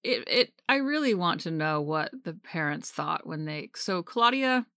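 A woman's voice: unhurried, dry recording, clean studio sound. A woman in her thirties co-hosting a book podcast, chatting casually and acting out quotes with animation. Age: 30s. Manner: animated, acts out quotes in a higher voice. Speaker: podcast co-host. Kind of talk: casual book-discussion chat.

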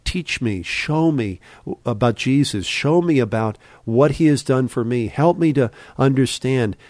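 A man teaching the Bible on a podcast in an earnest, exhorting sermon style, slowing down and speeding up for emphasis. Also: medium pitch, expressive, darkish tone, dry recording.

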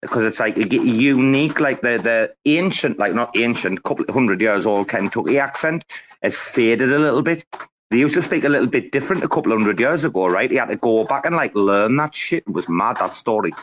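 A man's voice: mid-range voice, animated, brisk, a bit bright, slight background noise. A man hosting a casual live audio chat, boisterous, laughing often and swearing freely. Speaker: host.

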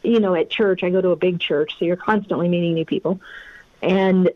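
A woman's voice: lowish voice, steady tone, fairly quick, no echo. Woman guest, earnest storyteller, phone-line sound, dry. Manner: earnest, storytelling, faith-driven. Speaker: private investigator and podcast guest. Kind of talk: conversational interview over a remote line. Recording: tinny phone-line audio.

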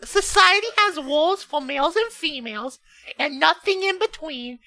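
Very high-pitched giggly woman. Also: lively intonation, pushed and bright. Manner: giggly, slow, mock-solemn reading. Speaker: podcast co-host. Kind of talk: reading forum posts aloud in a mock earnest voice.

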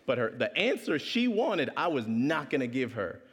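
A young man from Canada giving a humorous testimony talk, telling a story with animated delivery. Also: medium pitch, normal speed, breathy edge. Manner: animated storyteller, acting out voices. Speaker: speaker. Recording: long hall reverb.

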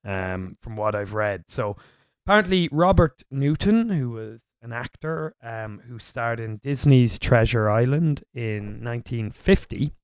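A man in easygoing podcast chat, his voice smooth and resonant, recorded close and dry with no room sound. He wanders through his points with loose fillers and a laid-back manner. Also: medium pitch, a little slow, few pauses, no echo. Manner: relaxed, rambling with many fillers. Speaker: podcast co-host. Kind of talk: casual history podcast chat.

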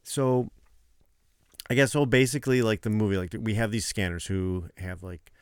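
A man with a lowish, smooth voice talks through a movie in loose, rambling casual chat, full of "like" and restarts. The sound is dry and close. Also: steady tone, moderate pace, no room sound. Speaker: podcast co-host.

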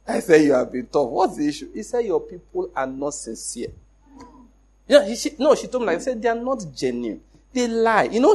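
A middle-aged Nigerian man with a Nigerian accent, telling a personal story in an animated way, acting out the dialogue and laughing often. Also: mid-range voice, breathy edge. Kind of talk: casual storytelling.

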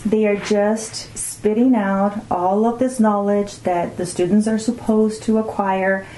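A woman in her forties from Brazil, speaking in an earnest, thinking-aloud interview manner. Her voice sounds dark and mellow. The room adds a noticeable echo. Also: mid-range voice, fairly even intonation, measured pace. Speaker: guest, mother of two teenagers. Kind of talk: reflective conversational interview. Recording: roomy echoing room.

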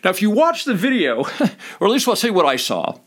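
A middle-aged man and former police officer telling stories in a casual monologue, blunt and swearing freely, laughing between points and acting out shouted commands. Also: high voice, a little fast. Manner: animated, acts out shouted commands.

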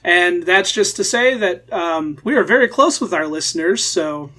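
A man co-hosting a podcast in casual chat, dropping dry, deadpan quips. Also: sits high, normal speed. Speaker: podcast co-host.

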